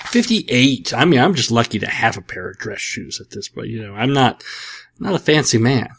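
A man's voice: medium pitch, sing-song, normal speed, a bit bright, breathy edge. Sarcastic, rambling man hosting a podcast. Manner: sarcastic, self-mocking, rambling asides. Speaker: podcast host answering listener questions. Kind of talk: casual comedic chat.

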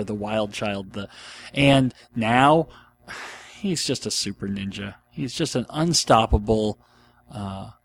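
A middle-aged man hosting a podcast, answering listener questions in a rambling, jokey, animated way. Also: fairly low pitch, a little hiss or hum. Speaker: podcast host.

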